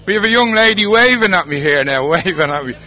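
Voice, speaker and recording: Irish male host, chatty festival walkabout, bright and slightly high voice. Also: expressive, quick pace. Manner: chatty, jokey, laughs often. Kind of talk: casual walkabout interviews.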